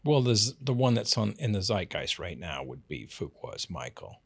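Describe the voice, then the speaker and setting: Animated middle-aged man telling stories. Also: deep voice, normal speed, gravelly, slightly rough, no echo. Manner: animated storyteller, acts out quoted voices. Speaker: guest actor. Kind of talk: casual interview storytelling.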